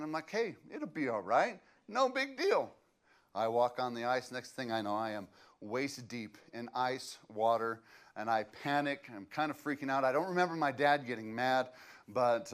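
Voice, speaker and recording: A man's voice: mid-range voice, clean tone. A man, preaching a sermon as a pastor and telling stories in a loose, conversational way with fillers.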